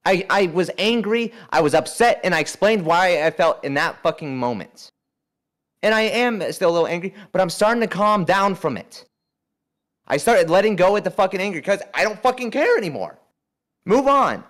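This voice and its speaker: A man co-host with a high voice who swears constantly and talks bluntly. He comes across candid and apologetic in casual talk-show chat. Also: expressive, moderate pace, fairly bright tone.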